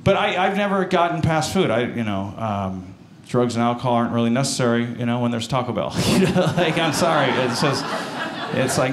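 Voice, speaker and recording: An American man doing a stand-up comedy set, telling self-deprecating stories with lively jumps in pitch. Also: a little fast. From United States. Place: comedy stage with live audience. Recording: roomy stage sound, audience noise.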